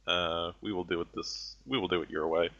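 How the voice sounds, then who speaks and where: A man voicing a callous, condescending ancient heretic sorcerer who gives slow, grandiose speeches. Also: low voice, steady tone, creaky, a bit bright, exaggerated voice. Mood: menacing. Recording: dull lo-fi audio.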